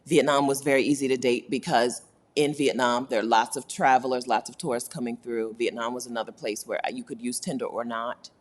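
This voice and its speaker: A woman's voice: very deep voice, fairly even intonation, brisk. A woman hosting a casual livestream chat, talking candidly and laughing often. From United States. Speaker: host.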